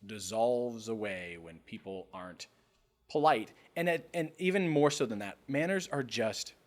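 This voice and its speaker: A young man from North Carolina, co-hosting a podcast in casual chat, emphatic and passionate and quick to swear. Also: mid-range voice, expressive. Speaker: podcast co-host.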